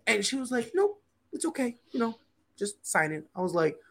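A man's voice: high-pitched, lively intonation, fairly quick, creaky, bright, forceful tone. A man co-hosting a podcast, telling a story in a casual, slangy way and often repeating himself. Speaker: podcast co-host.

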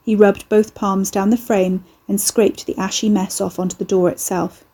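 Woman, audiobook narrator, husky tone, mellow, steady storytelling. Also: mid-range voice, normal speed. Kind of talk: scripted narration.

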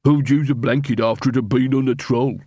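A man voicing a very fat, loud and scornful male bully in an audiobook. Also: medium pitch, fairly even intonation, brisk, dry recording, lightly acted.

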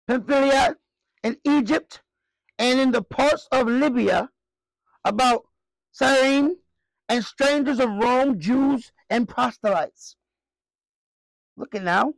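Man, pastor, sermon, high voice, dry close sound, emphatic questions to congregation. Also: slow, creaky, long pauses, no room sound. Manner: emphatic preaching with call-and-response questions; wide swings between loud high bursts and low quiet asides.

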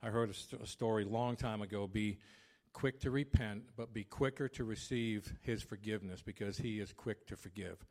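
Loud fifties pastor guy, kinda low voice, tells stories and acts out the arguments. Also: moderate pace, few pauses. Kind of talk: sermon.

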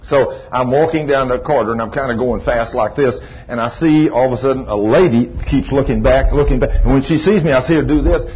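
A man's voice: mid-range voice, husky, lo-fi sound. A man preaching a sermon, telling stories with laughter and folksy phrasing. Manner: animated, laughing storyteller with folksy Southern phrasing. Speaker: pastor. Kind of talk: sermon storytelling.

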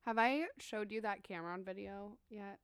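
A woman's voice: medium pitch, normal speed, clear, resonant tone, dry recording, clean studio sound. A young woman chatting casually and telling a story with lots of acted-out quotes. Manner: animated storyteller, acts out quotes. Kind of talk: casual chat.

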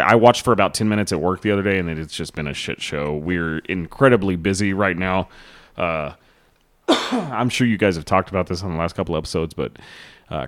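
A man's voice: low voice, fairly bright tone. A man co-hosting a podcast in casual, rambling chat with plenty of swearing. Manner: laid-back, swearing, rambling. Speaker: podcast co-host.

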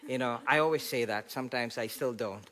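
A man preaching a sermon, animated, laughing at his own stories, rising loud when quoting scripture and dropping soft for asides. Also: brisk. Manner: rises loud and high when quoting scripture, drops soft for inner dialogue. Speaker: pastor.

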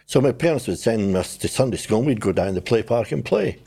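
An older man, telling his life story in a relaxed conversation and acting out the voices of people in it. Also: medium pitch, a little fast, vocal fry, breathy edge. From New Zealand. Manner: animated storyteller, acts out his own past voice and others. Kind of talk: conversational testimony.

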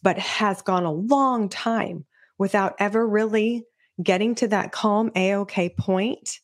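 A middle-aged woman, a children's sensory specialist, hosts a solo podcast explaining child behavior to parents. Her medium-pitched voice moves slowly as she teaches earnestly, sometimes acting out what a parent or child might say.

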